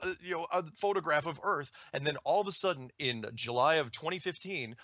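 A man with a fairly high voice and a bright, pushing edge to it, ranting emphatically. He talks in loose, indignant bursts, stumbling over and restarting his phrases. The sound is close and dry, with no room around it. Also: a little fast, hardly any pauses, dry recording. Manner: uses an extended everyday analogy to argue. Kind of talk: casual spoken rant.

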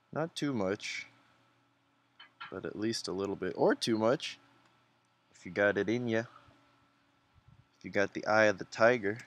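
A man's voice: fairly low pitch, a bit bright. A man hosting a casual drawing tutorial, chatty and encouraging, thinking aloud as he sketches. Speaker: art tutorial host.

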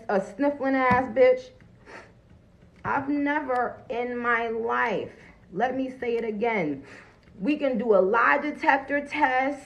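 A woman's voice: on the high side, takes it slowly, creaky, muffled recording. A woman chatting bluntly and profanely on a phone livestream, greeting viewers as she talks. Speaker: livestream host. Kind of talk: casual livestream chat. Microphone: phone camera.

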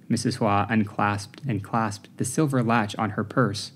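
A man reading an audiobook, narrating in a measured, even way. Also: lowish voice, slightly rough. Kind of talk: scripted narration.

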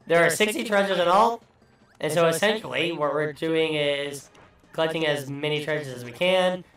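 Casting: man, higher-pitched, loose and profane game commentator, recorded in an echoey room away from the mic. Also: normal speed, a bit bright, distant mic, faint music behind. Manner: profane, rambling, joking. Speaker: let's play host. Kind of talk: casual gameplay commentary.

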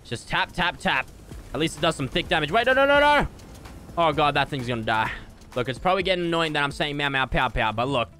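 Young male gamer, jokey and excitable, slightly high voice with a bright edge. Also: fast, soft background music. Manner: excitable and jokey, with sudden yelps. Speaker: gaming YouTuber. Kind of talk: gameplay commentary.

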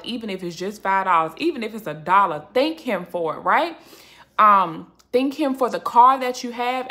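A woman's voice: fairly high pitch, a bit bright. A woman giving a passionate devotional talk and prayer to her viewers, emphatic and repeating "right?" as she encourages them. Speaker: Christian faith YouTuber.

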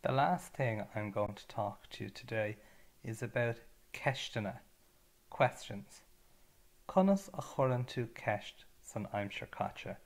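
Slow, patient Irish male teacher. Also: medium pitch, lively intonation, gravelly. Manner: slow, patient, spells out words by syllable. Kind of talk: revision lesson narration.

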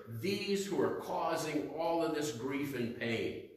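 A man's voice: on the high side, expressive, a little slow. A male pastor preaching a sermon in a conversational style, questioning the congregation and reading scripture aloud. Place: church sanctuary. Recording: echoey church hall, mic at a distance.

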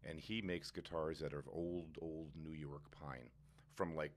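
A man in his sixties, a chef guest in a casual podcast interview, telling animated stories. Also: unhurried. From United States. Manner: animated storyteller, jumps up in pitch when indignant.

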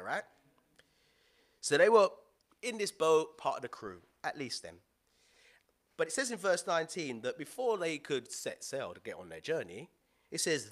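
A man preaching a sermon as pastor, lively and playful, with slang and asides to the congregation. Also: on the high side.

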